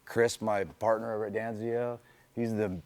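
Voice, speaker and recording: A man's voice: on the low side, flat delivery, moderate pace, a little mellow. A middle-aged man, a race car driver, telling stories in a loose, chatty way full of "you know" fillers. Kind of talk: casual storytelling interview.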